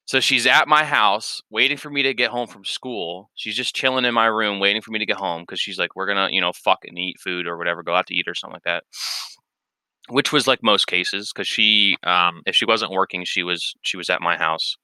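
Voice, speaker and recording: Young man, lowish pitch, very bright and clear, candid rambling storyteller who swears a lot, close dry mic. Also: fairly quick, dry recording. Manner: rambling, candid, profane, many fillers. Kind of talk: casual storytelling.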